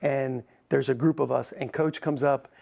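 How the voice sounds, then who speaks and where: Guest voice: male racing executive, lively storyteller, heavy vocal fry. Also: mid-range voice. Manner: animated storyteller, quick restarts and "like". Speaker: racing team president, podcast guest. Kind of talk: conversational interview.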